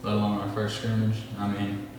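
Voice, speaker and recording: A teenage boy, a high school football player, answering in an interview in a plain, steady way. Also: a little fast. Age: teens. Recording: echoey hall, distant mic, noisy.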